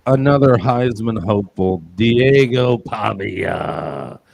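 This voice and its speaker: A man's voice: fairly low pitch, animated, slow pace, gravelly, darkish tone. A man co-hosting a casual football picks show, joking and rambling with punchy asides. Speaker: show co-host. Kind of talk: casual sports betting chat.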